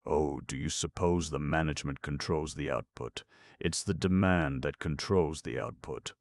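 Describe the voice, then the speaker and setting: A man's voice: extremely low pitch, moderate pace, no room sound. A man voicing a shrewd older business manager who lectures sardonically, in a read-aloud play. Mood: sardonic.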